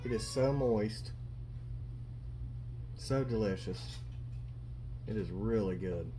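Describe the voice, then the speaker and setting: A man hosting a casual barbecue cooking vlog, relaxed and chatty, thinking aloud with plenty of fillers. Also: fairly low pitch, slow pace, slight background noise. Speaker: barbecue channel host.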